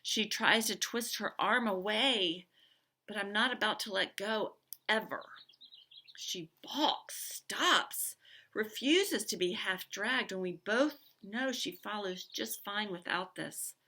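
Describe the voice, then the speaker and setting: A woman's voice: medium pitch, takes it slowly, bright, forceful tone. A woman teacher reading a novel aloud with expression, stopping now and then to comment on the story.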